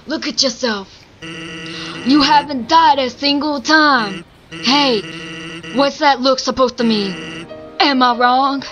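A woman voicing a laid-back, joking male skeleton sentry as she reads game dialogue aloud. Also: high-pitched. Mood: sly.

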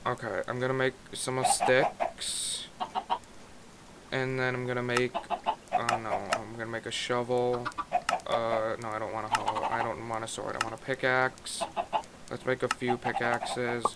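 A man talks through his game in casual let's-play commentary, sounding frustrated and exasperated. His voice sits at an ordinary pitch. Loud noise runs under the recording. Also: level tone, measured pace. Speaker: gaming YouTuber.

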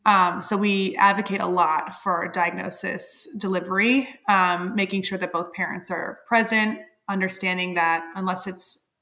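A woman's voice: mid-range voice, fairly even intonation, normal speed, pushed and bright. A woman in her thirties, a podcast guest, telling a personal story candidly and with feeling, laughing often and using many fillers.

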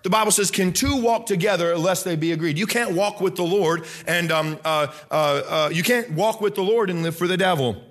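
A pastor in his thirties delivers a lively sermon in a somewhat high voice for a man. He acts out the voices of the people he describes and swings between near shouting and quiet asides. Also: fairly quick, few pauses. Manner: animated preaching, acts out voices, shouts for emphasis.

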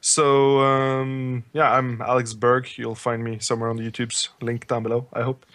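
A man with a Norwegian accent speaks English in a bright, forceful voice. He chats on a gaming podcast, teasing the others and joking at his own expense. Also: medium pitch, flat delivery, normal speed, dry recording. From Norway. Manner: self-deprecating, teasing. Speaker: podcast co-host. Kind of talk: casual gaming podcast chat.

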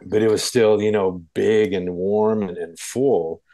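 Male interview guest with a very low voice and a dry, close sound. Rambling, full of fillers and restarts. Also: fairly even intonation, a little slow, dark tone, no room sound, low-quality recording. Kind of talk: casual interview recollection.

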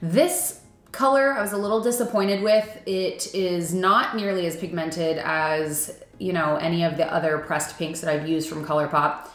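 A young woman talks casually through a makeup review, chatty and self-deprecating, with plenty of "like" fillers. Her voice sits a little low but has a bright, forward tone. The room gives it a noticeable echo. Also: steady tone, normal speed. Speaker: beauty vlogger. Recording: echoey room.

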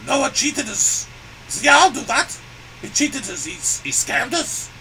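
A man's voice: very high-pitched, big pitch swings, a little slow, bright, forceful tone, slight background noise, exaggerated voice, rough recording. A man voicing a crude, boastful, grumpy male elephant puppet that cries "ooh" and rants with profanity. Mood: indignant. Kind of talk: puppet comedy sketch.

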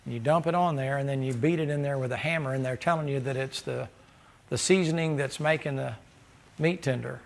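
A man preaching a sermon in a folksy, joking way, breaking into loud laughing bursts. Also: mid-range voice, fairly quick, vocal fry.

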